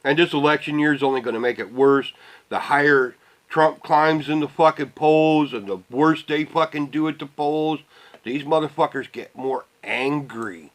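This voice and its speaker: A middle-aged man ranting casually to the camera, rambling and swearing, often trailing off into low mutters. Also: normal speed, fairly bright tone, rough recording. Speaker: vlogger.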